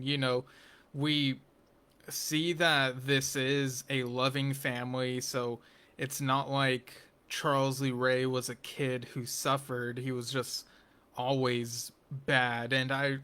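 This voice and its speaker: A man rambles slowly through a casual review of a TV episode, his clean, bright tone pushed forward and kept mostly at one pitch. He repeatedly circles back, restarting sentences and saying um, and sneaks in sly, geeky comments.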